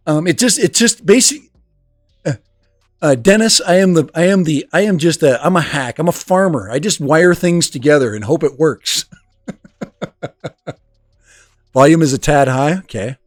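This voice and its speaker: A man's voice: fairly high pitch, expressive, a little slow, long pauses, no room sound. A man hosting a casual livestream from home, rambling and laughing as he reads the chat into a desk microphone. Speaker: livestream host and teacher. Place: home room. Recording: dry close sound with music behind.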